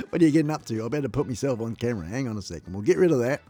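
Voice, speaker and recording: A man's voice: medium pitch, mellow. Australian male streamer, chatty and jokey, close-miked at home, faint music bed. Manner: chatty and jokey, laughs often, talks to chat. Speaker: live streamer. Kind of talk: casual live stream chat. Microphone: close desk microphone.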